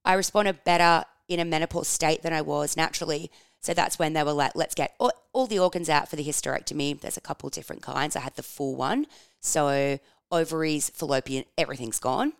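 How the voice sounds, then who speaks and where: A woman, telling personal stories in a frank, animated way, swearing casually and laughing as she talks. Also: sits low, a little fast, smooth, dry recording, clean studio sound. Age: 30s. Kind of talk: personal storytelling, candid and confessional.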